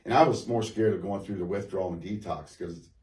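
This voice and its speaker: A man with a very low voice tells his testimony in a halting, rambling way, restarting his sentences and filling gaps with fillers. The sound comes from an echoey church room, with the mic set some way off. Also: a little mellow, distant mic. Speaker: guest giving a testimony. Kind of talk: personal testimony conversation.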